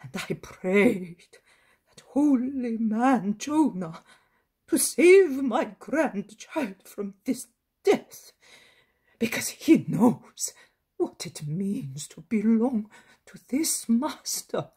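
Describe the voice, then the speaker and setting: A tearful old peasant grandfather, put on by a woman reading aloud, begging in a high, strained, breathy voice that climbs sharply as he pleads. The delivery is slow and heavy with feeling. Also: big pitch swings, warm tone, heavily acted. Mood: pleading. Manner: tearful and imploring.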